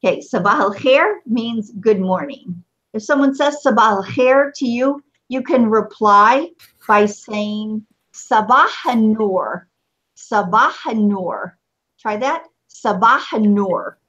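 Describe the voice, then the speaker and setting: A woman teaching a beginner Arabic lesson, patient and encouraging, repeating phrases slowly for her students. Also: a little high, lively intonation, a bit bright, dull audio.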